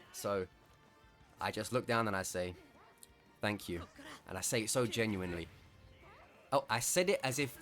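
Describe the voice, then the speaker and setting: Gaming creator, mid-range voice, laid-back amused storytelling over gameplay. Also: male voice, medium pitch, fairly bright tone. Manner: amused, laughing often while telling the story.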